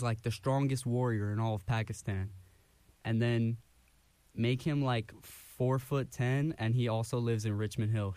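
A man's voice: mid-range voice, a little mellow, no room sound. A young man hosting a college radio show, out of breath and rambling in self-deprecating rants. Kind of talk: casual radio chat. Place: radio studio. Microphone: studio microphone.

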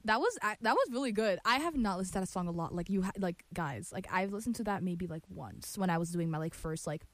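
A woman's voice: mid-range voice, expressive, fast, slight background noise. Chatty young woman, filler-heavy. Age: young adult. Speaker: college radio host. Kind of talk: casual music show chat.

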